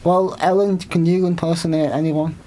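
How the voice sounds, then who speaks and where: A man's voice: a little high, flat delivery, normal speed, dark tone, slight background noise. A man co-hosting a casual studio radio chat, teasing, often restarting his words. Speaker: radio show co-host.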